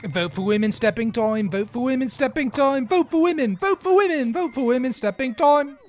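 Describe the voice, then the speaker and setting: Man in falsetto as a shrill singing suffragette lady, sing-song and loud, way up high. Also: moderate pace. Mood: shrill chant.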